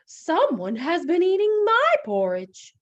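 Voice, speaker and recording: A woman doing a high, indignant mama bear. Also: wildly swooping pitch, takes it slowly, highs cut off, full character voice. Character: middle-sized mother bear.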